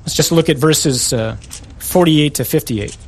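A man delivering a sermon in a somewhat high voice. He speaks with emphasis and keeps pressing his listeners with rhetorical questions. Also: a little slow. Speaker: preacher.

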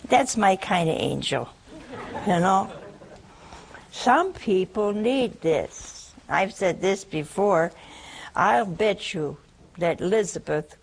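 An older woman preaching a sermon, humorous and animated, acting out the quotes she tells. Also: medium pitch, takes it slowly, vocal fry, long pauses.

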